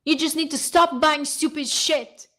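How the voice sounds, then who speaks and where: High-pitched woman ranting angrily. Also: fairly even intonation, unhurried, sharp tone. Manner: heated, profane, ranting while reading aloud. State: hoarse. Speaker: vlogger. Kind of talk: angry reaction rant.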